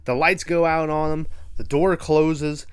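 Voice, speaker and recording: A man's voice: fairly high pitch, little pitch movement, measured pace, clear, resonant tone. A man hosting a podcast, casually recapping a movie in a laid-back, rambling way and swearing freely. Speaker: podcast host.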